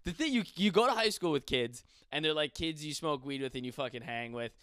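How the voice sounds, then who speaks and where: A young man from western New York riffs in a loose, profane stand-up rant. His voice sits a bit high and bounces around with lively pitch swings. The sound is dry and close. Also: a little fast, smooth, no room sound. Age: 20s. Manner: profane, rambling, animated. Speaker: stand-up comedian. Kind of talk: casual podcast rant.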